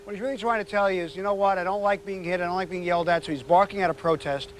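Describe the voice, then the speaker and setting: A man's voice: fairly even intonation, very fast, a little hiss or hum. A man working as a dog trainer, explaining a temperament test to a couple in a casual, talkative way. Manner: chatty, explanatory, goes high and sing-song coaxing the dog. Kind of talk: on-location dog training demo.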